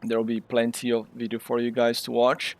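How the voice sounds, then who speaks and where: A man from Brazil, hosting and calling a sim race with excitable, exclamatory play-by-play. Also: mid-range voice, brisk, dry recording. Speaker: race commentator and host. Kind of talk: live sim racing commentary.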